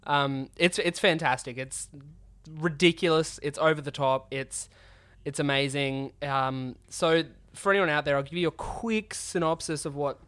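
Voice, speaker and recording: A man hosting a podcast while sick with a cold, his voice raspy from a sore throat, talking eagerly in casual chat. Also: on the high side, moderate pace, a bit bright. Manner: enthusiastic, gushing. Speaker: podcast host.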